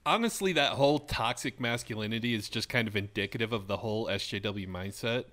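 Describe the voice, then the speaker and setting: A man's voice: lowish voice, fairly quick, a bit bright. A man in casual podcast chat who makes sardonic wisecracks.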